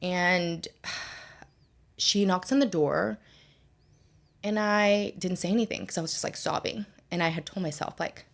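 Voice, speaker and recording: Young woman guest, slightly low-pitched, candid storyteller who says "like" a lot. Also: measured pace, gravelly, long pauses. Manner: candid, heavy use of "like" fillers. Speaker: podcast guest. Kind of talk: personal storytelling in conversation.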